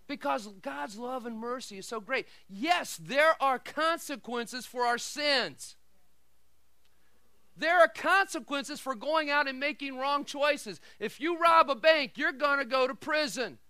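Middle-aged guy pastor preaching, real high bright voice, dry sound, storytelling loud then soft. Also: takes it slowly, no echo. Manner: animated storytelling, shifting between shouting and quiet asides. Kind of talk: sermon.

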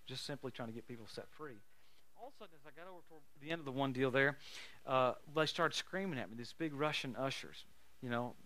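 A man preaching a sermon, telling stories in an animated, folksy way and laughing often. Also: fairly high pitch. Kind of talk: sermon with storytelling.

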